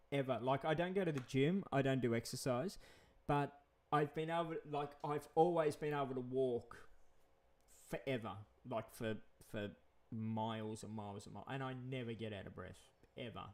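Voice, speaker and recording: Aussie guy rambling on in a vlog, repeats himself a lot, chuckles here and there, medium pitch. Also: moderate pace, darkish tone. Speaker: vlogger. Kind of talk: casual rambling monologue.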